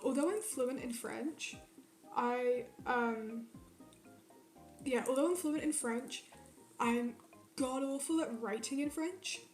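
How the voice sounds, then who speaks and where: Ranting to her stream's live chat, this young woman rambles and swears heavily. She speaks slowly in a high, darkish voice with frequent pauses, over soft background music in a roomy, echoing space.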